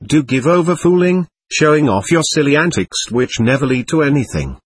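A man's voice: on the high side, lively intonation, moderate pace, husky, no echo. A man voicing an angry young woman who scolds her father scornfully.

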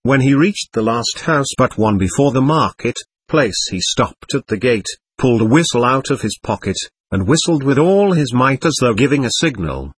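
A man reading a novel aloud as an audiobook narrator, measured and expressive. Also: mid-range voice, breathy edge, no echo. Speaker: audiobook reader.

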